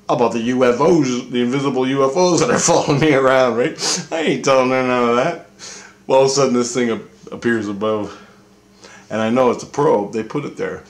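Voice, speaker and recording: A man's voice: medium pitch, roomy sound. A man from Canada telling a personal story in a rambling, profane way, often repeating himself. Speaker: vlogger telling experiences. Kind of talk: casual storytelling.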